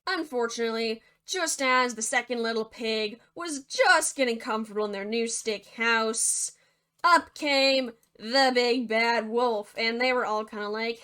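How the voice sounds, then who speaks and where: A woman's voice: a little high, a little slow, bright, forceful tone. A young woman telling a fairy tale as a comedy, sarcastic and casual, with many asides. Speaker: video creator and narrator. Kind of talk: comedic storytelling narration.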